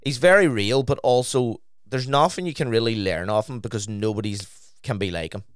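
A man's voice: mid-range voice, fairly quick, clear, resonant tone, no room sound, studio quality. A man in casual podcast chat, telling stories bluntly and swearing freely. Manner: blunt, sweary, animated storytelling.

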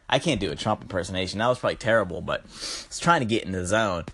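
A young man ranting in a profane comedic vlog, loud and riled up, swearing and tacking on "bro" at the end of his lines. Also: deep voice, expressive, racing, breathy edge. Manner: riled up, climbing into yelling at peaks.

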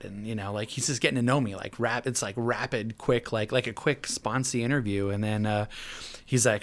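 A man of middle pitch tells his recovery story in a loose podcast chat. He is animated and lively, slipping into the voices of the people he quotes. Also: a little fast.

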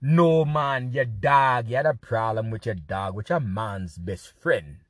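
A man's voice: mid-range voice, unhurried, dry recording, clean studio sound, natural voice. A man putting on a Caribbean accent to play his nosy, friendly male neighbor. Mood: insistent.

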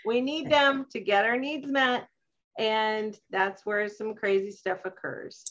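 A relaxed woman co-hosting a podcast, musing aloud in easy conversation and laughing readily. Her recording sounds a little dull and muffled. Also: a little high, slow. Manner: relaxed, reflective, laughs easily. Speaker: podcast co-host, communication course teacher. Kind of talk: casual chat.

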